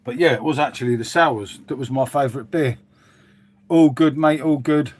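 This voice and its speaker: A man with a medium-pitched voice speaks at normal speed while hosting a casual live stream. He chats to viewers in a rambling, matey way, saying "mate" constantly and swearing mildly now and then.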